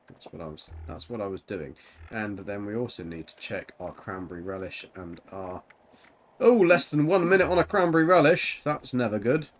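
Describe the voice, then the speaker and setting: A man streaming a game and chatting casually with a teammate, rambling with lots of fillers and giggles. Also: on the low side. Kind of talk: casual chat while gaming.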